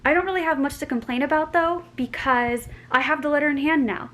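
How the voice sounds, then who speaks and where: An American woman talks straight to her viewers in a loose, rambling vlog style, stringing thoughts together with plenty of "like"s. Her voice sits a little on the high side. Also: fairly quick, fairly bright tone, poor audio. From United States. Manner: rambling, chatty, full of filler likes. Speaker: vlogger. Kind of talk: casual chat to camera.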